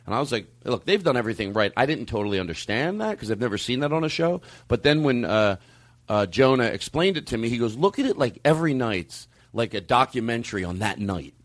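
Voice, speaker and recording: Profane, animated man hosting a comedy podcast. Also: mid-range voice, fast, no room sound. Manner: profane, animated, self-mocking storytelling. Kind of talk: rambling comic monologue.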